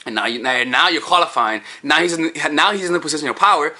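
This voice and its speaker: A man's voice: a little high, expressive, fast, bright, forceful tone. A man coaching on dating in a casual vlog, profane and rambling, recorded on a camera-mounted microphone.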